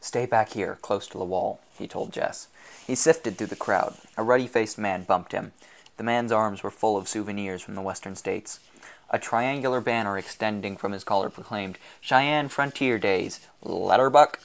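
A man reading a science fiction novel aloud in a steady, measured narration. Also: on the low side. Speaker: audiobook reader.

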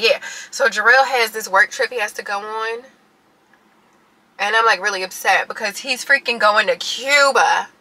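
A woman and mom of three vlogging casually to her viewers, chatty and animated, laughing often, filming on a phone from her car and out shopping. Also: on the high side, dry recording, poor audio. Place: in a car, later inside a large store. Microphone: phone on a car mount.

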